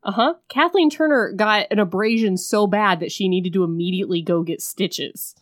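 A woman co-hosting a podcast in casual chat, recapping a film and acting out quick bits of its dialogue. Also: medium pitch, no room sound, studio quality. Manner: chatty, retells scenes with quick acted-out quotes.

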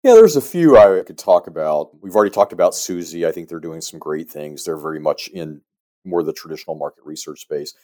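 A middle-aged man, a business advisor, giving a measured, explanatory answer as a guest on a podcast interview. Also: low voice, lively intonation, warm tone. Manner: measured, explanatory, frequent "you know" fillers.

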